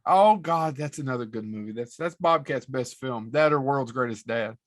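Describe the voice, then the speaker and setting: A man's voice: mid-range voice, moderate pace, dry recording, clean studio sound. A man co-hosting a podcast, chatting casually and joking loosely. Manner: joking, lively, swearing. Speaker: podcast co-host. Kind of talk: casual chat.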